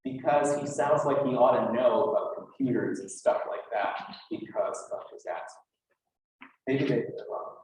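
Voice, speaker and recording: A man's voice: mid-range voice, normal speed, a little mellow, recorded from a distance. A man giving a conference talk in a loose, chatty way, with many fillers and asides. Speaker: lecturer. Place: lecture hall. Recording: echoey hall, from afar.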